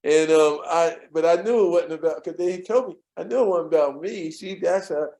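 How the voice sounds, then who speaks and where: Man, interview guest, casual storytelling, slightly high pitch, warm tone, chuckling, acts out quotes. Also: moderate pace. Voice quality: animated storyteller who acts out quoted voices. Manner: chuckles often, repeats words while recalling.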